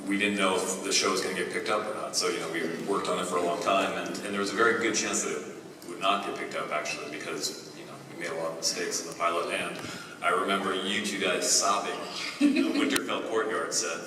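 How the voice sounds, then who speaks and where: A man recounts show stories in a loose, rambling way, full of restarts. His voice sits a little low. He is heard from a distance in a big echoing hall over steady background noise. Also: quick pace. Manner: loose, anecdotal, many restarts. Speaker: show writer. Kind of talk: panel storytelling. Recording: echoey hall from far off, noisy.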